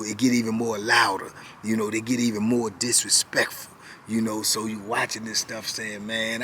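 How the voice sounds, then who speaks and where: A man in his fifties tells a story in easy, slangy talk, tossing in "you know" again and again. His voice sits at a middle pitch. Faint background noise runs under it. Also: a bit bright. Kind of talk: casual storytelling.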